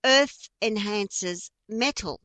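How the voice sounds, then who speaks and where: A woman with an Australian accent teaches at an unhurried, deliberate pace, often pausing with ums and starting her sentences over. Her voice sits at a middling pitch, and the recording is close and dry, with no room sound. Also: bright, forceful tone, no room sound. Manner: unhurried, explanatory, frequent ums and restarts. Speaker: feng shui teacher. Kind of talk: informal spoken lesson.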